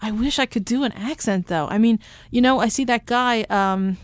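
A woman co-hosting a casual talk show, chatty and halting, laughing often between points. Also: on the high side, dry recording. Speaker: podcast co-host. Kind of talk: casual chat.

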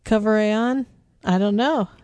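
A woman's voice: mid-range voice, measured pace, darkish tone, dry recording. A woman co-hosting a movie review podcast in casual, teasing chat. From United States. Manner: playful, teasing, laughs often. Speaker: podcast co-host.

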